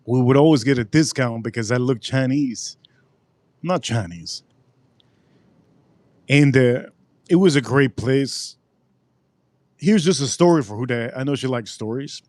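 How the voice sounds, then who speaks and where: A man hosting a casual livestream drink review, rambling and joking with sudden animated outbursts. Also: medium pitch, no room sound. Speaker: livestream host.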